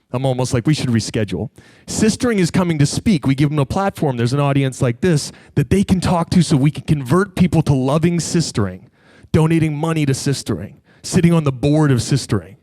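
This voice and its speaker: A man speaking on stage to a live audience, telling a personal story in an animated way and acting out the voices of the people in it. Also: mid-range voice, dry recording. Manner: animated, acts out quoted voices.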